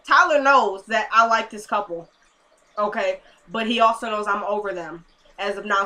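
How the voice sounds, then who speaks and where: A young woman chatting through a recap of a TV episode, talking straight to her viewers. Her voice sits a little high, with a bright, forceful edge. She talks in an animated, casual way. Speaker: TV episode reviewer. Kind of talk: casual chat.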